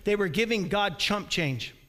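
A man preaching a sermon in a church, energetic and calling for responses from the congregation. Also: high-pitched, unhurried. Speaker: pastor. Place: church sanctuary. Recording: long reverb of a large hall.

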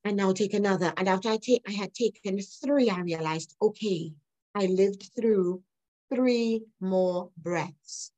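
A woman's voice: mid-range voice, slow, dark tone, rough recording. Middle-aged woman guest, earnest, reflective storytelling, breaks into light laughs. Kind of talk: personal storytelling in an interview.

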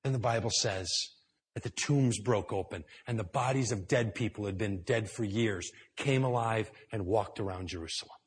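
A man preaching a sermon in a church hall, telling the story with drama and dropping to hushed tones before building up louder. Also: on the low side, moderate pace, slight background noise. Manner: dramatic storytelling, swinging between hushed and loud. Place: indoor church hall with high ceiling.

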